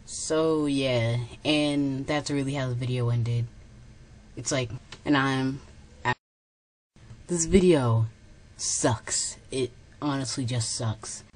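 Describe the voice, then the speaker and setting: A woman's voice: a bass voice, slow pace, darkish tone. A woman giving a blunt, dismissive commentary on a video.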